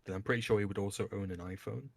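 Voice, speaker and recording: Low-voiced man laying down rules. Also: fairly even intonation, racing, gravelly, no echo, clean studio sound. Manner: stammers, sets the rules. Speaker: podcast co-host. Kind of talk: casual group chat.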